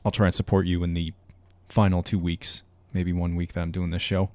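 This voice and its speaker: A man's voice: low-pitched, flat delivery, a little fast, a little mellow, no echo. A young man hosting a college radio metal show, chatting casually in a rambling, self-mocking way. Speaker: radio host.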